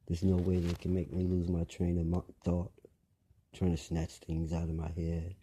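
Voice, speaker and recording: A man's voice: sits low, monotone, normal speed, warm tone, husky. A man delivering a rambling monologue, lecturing listeners, repeating phrases and asking them pointed questions.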